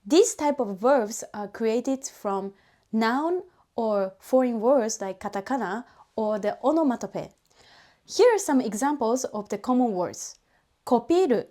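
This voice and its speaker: Mellow-voiced woman teaching a language. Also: a little high, lively intonation, unhurried. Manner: patient, methodical explaining with spoken examples. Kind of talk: explanatory teaching.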